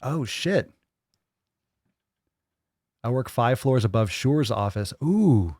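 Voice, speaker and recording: A man's voice: mid-range voice, expressive, takes it slowly, a little mellow, no room sound, clean studio sound. A man hosting a live fitness Q&A, chatting crudely and joking as he reads viewer comments. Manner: crude, joking, mocks voices of others. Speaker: fitness podcast host. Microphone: studio microphone.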